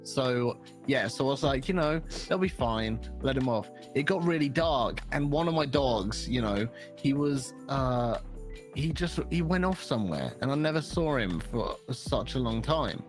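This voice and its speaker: A young man chats on a podcast and tells a long, rambling story full of swearing. His voice sits at an ordinary middle pitch for a man. Faint music plays quietly behind him. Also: measured pace. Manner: rambling, animated storyteller who swears freely. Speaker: podcast co-host. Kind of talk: casual podcast chat.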